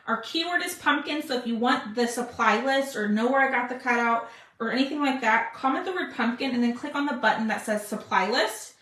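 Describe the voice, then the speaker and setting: A woman's voice: on the high side, brisk, a bit bright, reverberant. A woman hosting a live craft stream, chatting with viewers as she works. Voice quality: chatty, talks to viewers with "y'all". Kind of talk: casual live craft demo.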